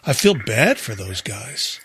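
A man hosting a call-in show, talking in a halting, rambling way. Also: lowish voice, big pitch swings, a bit bright, slightly rough. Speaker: talk show host. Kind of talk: casual call-in chat.

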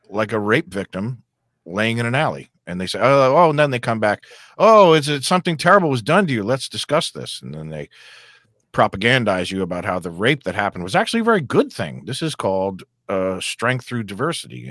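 A man co-hosting a podcast over an online call, speaking in a measured, wordy way. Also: fairly low pitch, fairly bright tone, dry recording, studio quality. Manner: measured, wordy, uses mock quotes. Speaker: podcast co-host. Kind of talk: casual chat.

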